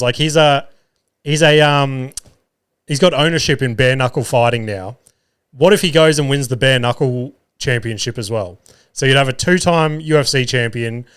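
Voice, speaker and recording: A man with a smooth, clean voice hosts his own podcast, talking off the cuff. He swears freely, stacks up fillers and sometimes loses his words mid-thought, all in an easygoing, chatty manner. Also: medium pitch. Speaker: podcast host. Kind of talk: solo casual chat.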